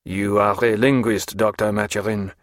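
A man voicing a stern middle-aged army major who questions a prisoner in a cold, formal, measured way. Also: lowish voice, level tone, dry recording, studio quality, lightly acted.

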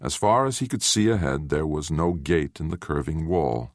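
A man reading a novel aloud as its narrator, in a measured, storytelling way. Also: a bass voice, dry recording, clean studio sound. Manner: measured storytelling with expressive, varied intonation. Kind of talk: audiobook narration.

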